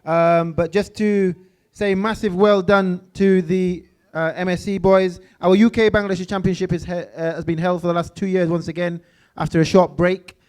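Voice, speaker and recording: Brief: male event host, high voice, loose unscripted announcements. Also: flat delivery, moderate pace, a little mellow. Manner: unscripted, frequent ums and uhs. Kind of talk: presenting at an awards evening.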